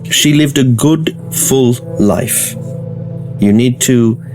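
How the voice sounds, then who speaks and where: A man voicing a defensive doctor who speaks slowly and formally, trying to calm an angry woman. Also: mid-range voice, music in the background, pitched above the performer's own voice. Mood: placating. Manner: slow, placating, formal. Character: smooth, defensive country doctor, middle-aged man.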